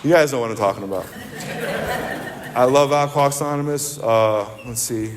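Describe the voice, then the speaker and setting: A man's voice: mid-range voice, a little fast, a crowd in the background. A man from central New Jersey speaking at a recovery meeting, rambling and candid, often poking fun at himself. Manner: rambling, candid, self-deprecating. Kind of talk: personal recovery talk. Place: meeting hall. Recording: long hall reverb.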